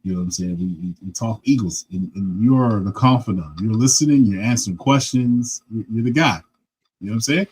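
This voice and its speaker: Husky low man, lively co-host. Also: a little fast, poor audio. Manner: animated, laughs a lot, says "you know what I'm saying". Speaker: podcast co-host. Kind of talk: casual chat.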